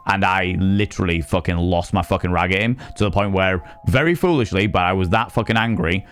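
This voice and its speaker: A man with a lowish voice talks casually on a live stream, swearing freely as he spins lively stories. His delivery is animated and conversational, with faint music playing underneath. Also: a little fast, clear, resonant tone. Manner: sweary, animated storytelling, reads chat aloud.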